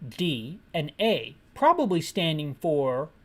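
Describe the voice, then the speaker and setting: A woman narrates a retrospective on an old game, giving comedic, sarcastic commentary along with audio description. She rambles and corrects herself as she goes. Her voice is low-pitched and slow, with big pitch swings.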